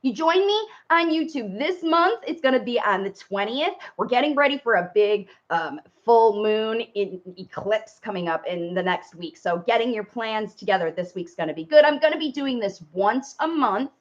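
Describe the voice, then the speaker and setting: Woman, parent coach, live-stream talk, high voice, direct and chatty, muffled lo-fi audio. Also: expressive, normal speed, hardly any pauses. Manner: chatty, addresses viewers directly with steps. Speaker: parent coach and speech facilitator.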